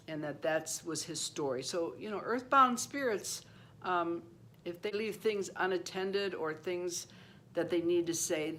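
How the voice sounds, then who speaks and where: A woman in her seventies telling a personal story in a casual, rambling way, restarting and repeating phrases and acting out the voices of the people she quotes. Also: a little hiss or hum. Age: 70s. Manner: acts out quoted voices, rising high for a child. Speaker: channel host.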